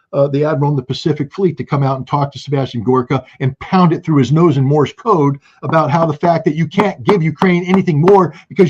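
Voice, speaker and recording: A man giving heated political commentary as a guest, forceful and indignant, often restarting his sentences. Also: a little high, husky, lo-fi sound.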